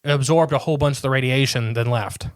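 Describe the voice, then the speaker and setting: A man co-hosting a casual podcast, chatting in a rambling way and reading quotes aloud haltingly. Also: medium pitch, smooth, dry recording, clean studio sound. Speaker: podcast co-host.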